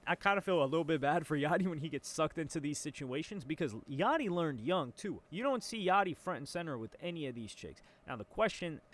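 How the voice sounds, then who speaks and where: A man's voice: on the high side, fairly bright tone. A man reading out messages and reacting with incredulous, mocking asides in casual reaction commentary.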